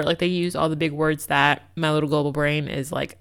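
A young woman hosting a casual solo podcast, telling stories in an animated, exasperated way with lots of fillers. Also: low voice, fairly quick. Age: young adult. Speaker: podcast host.

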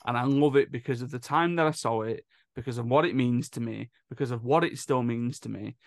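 A man's voice: medium pitch, brisk, gravelly, no echo. Hesitant male podcast host, dry sound. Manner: storytelling, hesitant with fillers. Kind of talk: casual chat.

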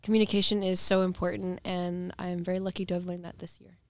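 A woman's voice: lowish voice, level tone, fast talker. A teenage girl, a club member, sharing earnestly with some fillers. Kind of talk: casual chat.

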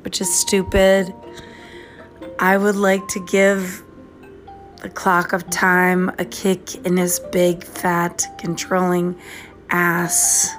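Woman, very slow and meandering, rambling voice memo, phone mic, faint music behind. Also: on the low side, monotone, a bit bright. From US East Coast. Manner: slow, meandering, drifts into whispers. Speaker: podcast host.

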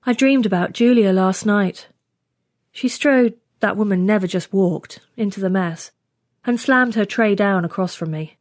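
A woman's voice: medium pitch, unhurried, a little mellow, dry recording, studio quality. A woman reading a science fiction story aloud in the first person with a wry tone. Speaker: story reader. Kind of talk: scripted narration.

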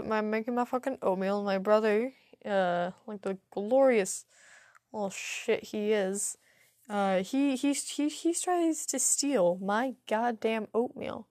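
A woman's voice: medium pitch, no room sound, clean studio sound. A young adult woman hosting a podcast, telling a rambling, profane story full of stuttering restarts. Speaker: podcast host. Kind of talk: casual solo storytelling.

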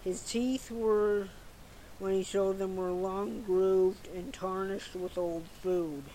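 A woman reading a children's novel aloud in a steady, unhurried way. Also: mid-range voice, a little hiss or hum, rough recording. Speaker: storyteller.

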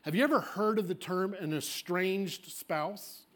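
Male pastor, high tenor preaching voice, emphatic sermon delivery with sudden hushed drops. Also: unhurried. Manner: emphatic, swings from loud declarations to hushed asides; acts out congregants' objections in a small voice.

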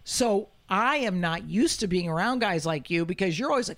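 A woman's voice: mid-range voice, expressive, moderate pace, a bit bright. A woman hosting a podcast, chatting casually, blunt and joking, swearing freely. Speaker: podcast host. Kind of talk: casual chat.

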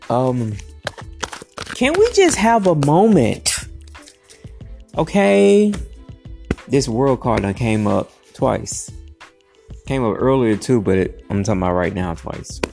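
A woman's voice: very deep voice, a little slow, creaky. A woman giving a loose, profane, playful tarot reading to her viewers in a casual vlog. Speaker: tarot reader. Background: music playing.

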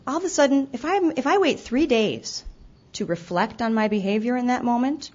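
Expressive and a little fast, a woman with a slightly high, slightly mellow voice shares her recovery story as a personal testimony. She's candid and self-deprecating, acting out her own past remarks and occasionally restarting mid-thought. It's a dull lo-fi event recording.

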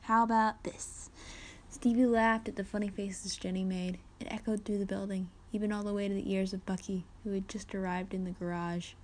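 Brief: woman narrator, steady storyteller reading her own story. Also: mid-range voice, brisk, few pauses. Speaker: reader of her own fan fiction.

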